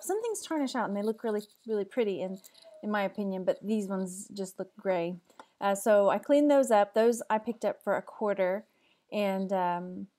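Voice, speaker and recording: A woman from Texas talks through her recent online sales in a casual, chatty vlog. She is matter-of-fact as she lists prices and profits. Her voice has a middling pitch. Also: darkish tone. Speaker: online reseller.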